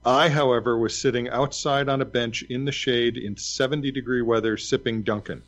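A man's voice: mid-range voice, fairly even intonation, moderate pace. A man telling a story in casual chat, hesitant with fillers and wry.

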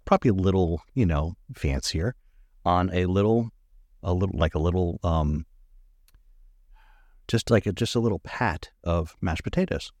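A man with a lowish voice tosses out quick wisecracks and laughs easily in loose podcast banter. His talk is relaxed and playful. The sound is dry and close to the mic. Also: no echo. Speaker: podcast co-host. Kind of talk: casual comedic banter.

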